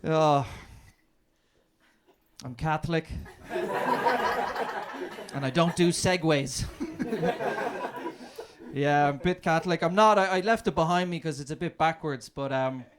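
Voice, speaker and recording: A man's voice: fairly high pitch, unhurried, pauses often. Irish guy doing stand-up, brash and sweary, crowd laughing a lot. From Ireland. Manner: brash, profane storytelling. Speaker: stand-up comedian. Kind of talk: stand-up comedy set. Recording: comedy club audience laughter.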